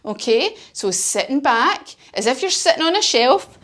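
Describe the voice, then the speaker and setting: A woman's voice: high-pitched, sing-song, moderate pace, a bit bright. A woman leading a children's yoga class, telling a playful story and cheering the kids on. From United Kingdom.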